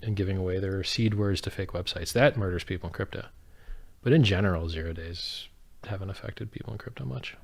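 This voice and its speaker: Blunt, low-voiced man on a livestream. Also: gravelly. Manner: profane, blunt, offhand. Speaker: livestream host answering chat. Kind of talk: casual livestream Q&A. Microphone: studio dynamic mic with foam pop filter.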